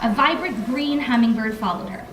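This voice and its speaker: A woman's voice: fairly high pitch, moderate pace, fairly bright tone, slight background noise. A young woman author reading aloud from her novel in a library, with casual, filler-laden asides between passages. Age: young adult. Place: library room. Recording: echoey room, mic from far off.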